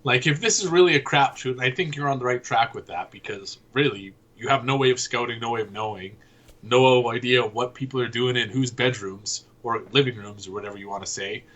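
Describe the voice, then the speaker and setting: Joking man with a husky, bright voice. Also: medium pitch, fairly quick. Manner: joking, animated. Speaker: podcast co-host. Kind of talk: casual sports podcast chat.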